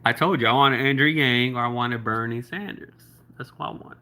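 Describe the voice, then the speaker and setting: A Southern man rambling through a livestream, his voice bright and forward. He talks loosely, full of likes, ums and laughing asides as he answers viewer comments. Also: mid-range voice, moderate pace. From South Florida. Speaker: YouTuber. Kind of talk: casual livestream chat reading viewer comments.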